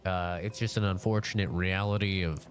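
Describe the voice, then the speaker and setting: A man's voice: deep voice, steady tone, a little fast. A sick young man with a nasal voice, chatting casually with his live-stream audience in a rambling, laid-back way.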